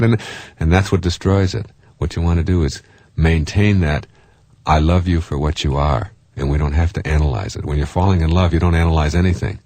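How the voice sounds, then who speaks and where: A middle-aged man giving a self-help talk in a lively way, often mimicking other people's voices and chuckling at his own jokes. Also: sits low, fairly quick, dry recording. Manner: animated, jumps into mimicking voices; chuckles while telling jokes. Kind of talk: motivational talk.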